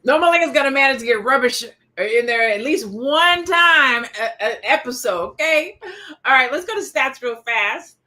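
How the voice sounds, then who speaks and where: A woman hosting a casual discussion show, animated and opinionated, who reads out stats and tells stories about herself. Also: high voice, normal speed. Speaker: podcast host.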